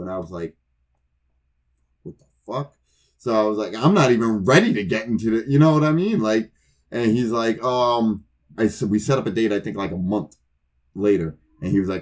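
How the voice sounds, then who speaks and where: Deep-voiced man telling a profane story. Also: normal speed, a little mellow. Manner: profane, rambling, acts out both sides of conversations. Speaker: podcast co-host. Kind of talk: casual storytelling.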